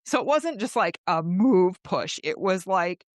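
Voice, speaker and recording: A woman's voice: fairly low pitch, expressive, unhurried, no room sound, clean studio sound. A woman hosting a podcast, telling her own story candidly and emotionally, with swearing, and raising her voice when she acts out her past pleas. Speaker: host.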